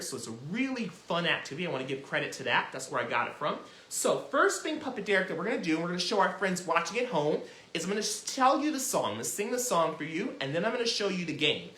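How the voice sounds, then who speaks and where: A man hosting a children's music lesson, talking in an animated, encouraging way and demonstrating as he goes. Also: on the high side, reverberant. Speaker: children's music teacher and host.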